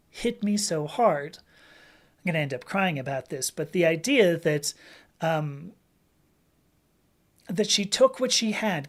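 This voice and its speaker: A woman hosting a casual livestream, answering viewer questions in a rambling, chatty way and often breaking into laughter. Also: lowish voice. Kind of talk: casual chat.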